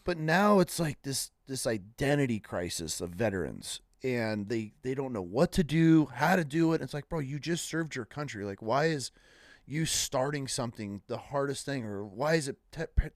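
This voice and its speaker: A man's voice: medium pitch, normal speed, no room sound. Man in casual chat, dry sound. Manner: relaxed, profane, filler-heavy talk.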